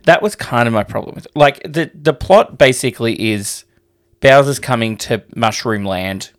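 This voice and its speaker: A man's voice: medium pitch, animated, normal speed. A man co-hosting a podcast in casual chat, rambling and hesitant, swearing freely. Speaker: podcast co-host.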